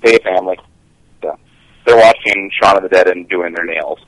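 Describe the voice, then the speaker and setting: A man co-hosting a podcast, chatting casually with dry jokes and halting restarts. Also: low-pitched, a bit bright, no echo, poor audio. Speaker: podcast co-host. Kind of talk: casual chat.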